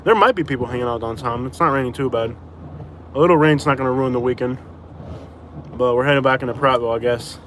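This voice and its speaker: A man's voice: medium pitch, quick pace, a bit bright, slight background noise. A man from Florida chatting casually on a live stream while driving, rambling with lots of fillers. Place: in a car.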